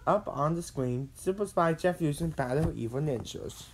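A woman narrating a children's storybook read-along with expressive, dramatic delivery. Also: deep voice, moderate pace, a little hiss or hum.

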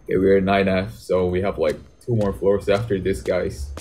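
A man's voice: low-pitched, completely flat delivery, normal speed, loud music behind the voice. A young man, commenting jokingly on a horror game as he plays and talking back to its characters. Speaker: gaming YouTuber.

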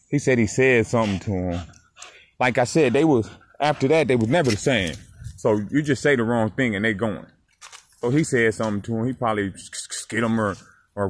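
A man in his forties telling a story in a casual vlog, animated and swearing as he talks straight to the viewer. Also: medium pitch, fairly quick, slight background noise. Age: 40s. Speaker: dog breeder. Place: outdoors walking a dog.

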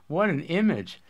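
A man's voice: high-pitched, muffled recording, noisy background. A man hosting a poetry course discussion, explaining ideas with eager enthusiasm in a casual academic way.

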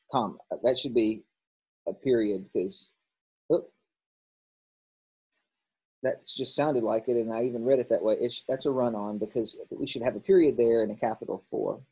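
A man teaching a grammar lesson, working through workbook answers out loud, thinking aloud and correcting himself as he goes. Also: medium pitch, husky, low-quality recording.

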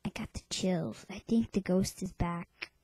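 A woman's voice: lowish voice, unhurried, dark tone, no room sound, rough recording. A woman hosting a homemade webcam show in a playful, rambling way, often dropping into a whisper. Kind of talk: casual webcam chatter.

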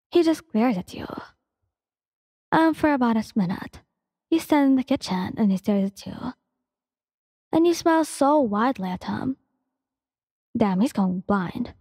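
Husky, slow-talking woman narrator. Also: on the high side, expressive, darkish tone, no echo, clean studio sound, big-room sound. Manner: casual, slangy, playful cursing. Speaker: fan-fiction reader. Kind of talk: casual fan-fiction narration.

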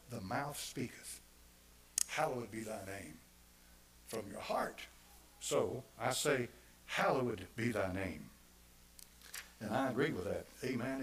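A male pastor preaching a sermon, repeating phrases for emphasis and swinging from quiet asides to loud, emphatic declarations. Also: medium pitch, lively intonation, measured pace, long pauses, low-quality recording.

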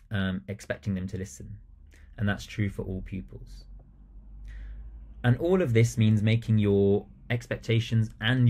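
A man giving a recorded training talk to teachers, animated and acting out the phrases he would use in class. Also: lowish voice. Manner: animated, acts out classroom phrases with changing emphasis.

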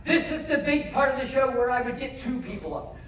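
This man's voice is very high and fairly bright, and he talks a little fast. He's a variety performer working the crowd with comedy patter in a large cruise ship theater, pushing them to cheer, captured from afar amid echo and audience noise.

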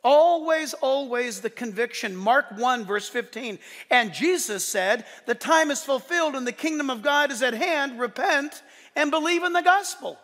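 A man preaching a sermon to his church, animated and swinging from loud declarations to soft, joking asides. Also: very high-pitched, normal speed, big-room sound. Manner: playful, joking asides to the congregation. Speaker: pastor. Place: church service.

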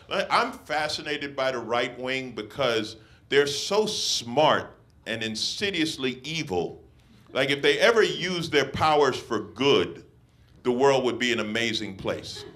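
A man's voice: a little high, pushed and bright. A man doing a stand-up comedy set at a small beach house venue, mocking and profane, riffing with the crowd. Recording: live crowd audible. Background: audience laughter.

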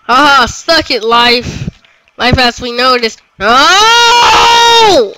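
A man giving excitable let's play commentary, groaning and yelling at the game as things go wrong. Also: extremely high pitch, a little slow, very noisy. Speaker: gamer.

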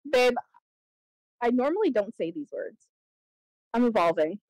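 A young woman streams a video game and chats as she plays, laughing and cursing as she goes. Her voice is fairly high and swings up and down a lot. The sound is close and dry. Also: a little slow, no room sound, poor audio. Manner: laughing, swearing, excitable. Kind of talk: casual gaming chat.

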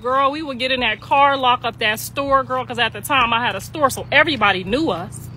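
A middle-aged mother telling a long family story in a casual, laughing way, slipping in quick acted-out voices. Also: fairly high pitch, a little hiss or hum. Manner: animated, laughing, slangy, acts out voices.

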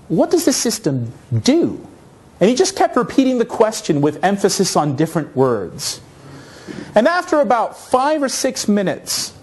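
A man from North America giving a conference talk, telling a story in an animated, self-mocking way. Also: sits high. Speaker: conference speaker.

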